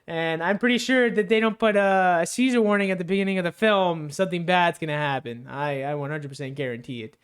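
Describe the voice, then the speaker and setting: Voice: mid-range voice, fairly even intonation, fairly quick, few pauses, smooth. A movie reviewer casually recapping a film with spoilers, rambling loosely with lots of fillers, restarts and swearing.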